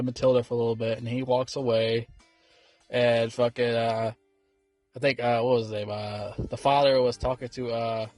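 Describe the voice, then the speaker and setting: A man's voice: medium pitch, a little mellow. A man casually recapping a movie in a rambling, profane way, full of fillers and restarts. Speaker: movie reviewer.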